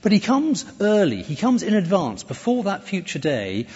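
A man preaches in a church with a husky, animated voice that swings widely in pitch. His talk is conversational, with many restarts. The sound is dull and carries a long reverb from the hall. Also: normal speed. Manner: lively, conversational preaching with self-corrections. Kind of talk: sermon.

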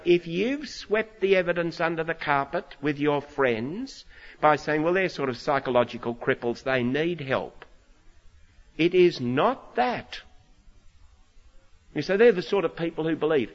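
A man with an Australian accent preaching a sermon, retelling a story with dramatic, voiced quotes. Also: a little high. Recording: lo-fi reverberant hall recording.

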